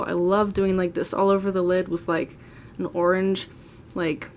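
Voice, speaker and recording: A woman's voice: fairly low pitch, level tone, moderate pace, a little mellow, a little hiss or hum. A woman in her twenties chatting through a casual makeup collection tour, gushing and rambling as she talks. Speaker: beauty vlogger. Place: at home, seated.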